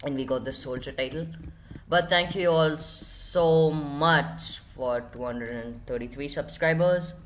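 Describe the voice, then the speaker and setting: A male gaming host giving casual gameplay commentary, excitable, yelping high and repeating himself. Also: a little slow, a little hiss or hum. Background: game music playing under the voice.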